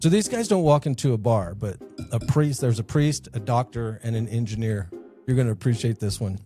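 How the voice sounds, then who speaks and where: A man co-hosting a podcast, telling jokes in a casual, animated way and laughing at his own punchlines. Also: medium pitch, fairly quick, faint music behind. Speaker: podcast co-host.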